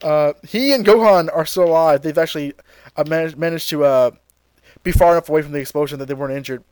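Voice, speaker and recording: A man co-hosting a podcast, casually retelling a fight scene with lots of fillers and quick acted-out lines. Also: a little high, darkish tone, clean tone, no room sound. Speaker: podcast co-host. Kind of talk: casual episode recap.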